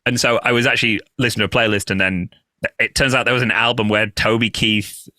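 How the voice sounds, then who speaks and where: A British man from the UK, a guest comedian telling animated stories in a casual podcast chat and acting out other people's voices. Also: fairly low pitch, fast, no echo. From United Kingdom. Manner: animated storyteller who acts out quoted voices.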